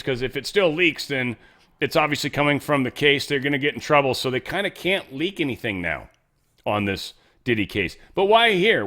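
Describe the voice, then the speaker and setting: A man's voice: medium pitch, pushed and bright. An American man hosting a show, giving rambling, irreverent news commentary and swearing freely. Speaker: show host.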